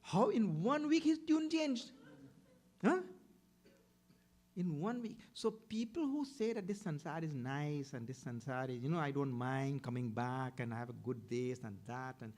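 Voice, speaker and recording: A man's voice: moderate pace, few pauses, a little mellow. A middle-aged man with an Indian accent giving a spiritual discourse, telling stories and acting out other people's voices. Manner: storytelling, acts out other people's voices with big pitch jumps. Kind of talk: sermon.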